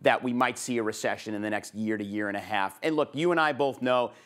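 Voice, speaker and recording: A man's voice: lowish voice, fast, a bit bright. Friendly conversational male host. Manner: friendly, conversational, laughs easily. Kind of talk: hosted interview and sign-off.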